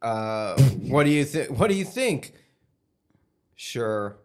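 A man's voice: mid-range voice, sing-song, takes it slowly. Laid-back young man in crude banter. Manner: laid-back, mumbly, laughs often.

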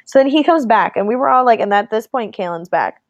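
A woman's voice: on the high side, fairly quick, no echo, highs cut off. A young woman casually telling a story to a friend, laughing often and acting out what people said. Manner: animated, laughing often, quoting people in voices.

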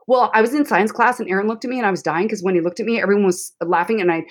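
A woman's voice: mid-range voice, racing, lightly acted. A woman doing a rambling teenage girl. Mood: gushing. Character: chattering teenage girl telling her school day.

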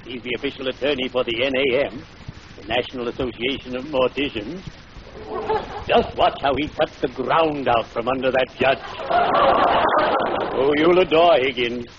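A man puts on a smooth, oily undertaker of middle years, a voice at ordinary male pitch that savours every morbid pun. He speaks in 1940s radio comedy style. The old broadcast sounds muffled and carries a steady hiss. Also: moderate pace, long pauses, natural voice. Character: unctuous gloomy middle-aged male undertaker.

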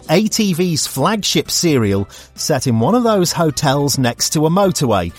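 A man presenting a podcast, reading a scripted introduction in a lively, enthusiastic way. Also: fairly high pitch, a little slow, over loud music. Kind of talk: scripted narration.

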